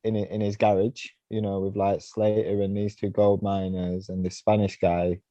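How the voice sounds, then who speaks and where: A podcast guest who mountainboards tells casual, rambling stories, leaning on "you know" and "right?". His dark, lowish voice has little pitch movement and a normal speed, caught in a dry recording with the highs cut off.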